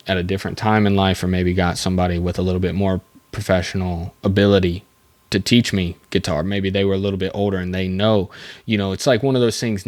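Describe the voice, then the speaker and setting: A young man with a fairly low voice talks through a casual solo podcast episode, halting and restarting often as he rambles. He chuckles at his own stories now and then. The sound is dry and close, with no room around it. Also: dry recording. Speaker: podcast host.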